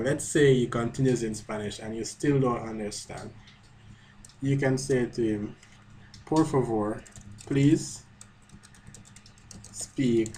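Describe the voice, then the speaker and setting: Over faint typing, a male language teacher with a mellow, mid-range voice chats his way through a screen-recorded lesson, self-correcting while he types. There's slight background noise, and the audio is poor overall.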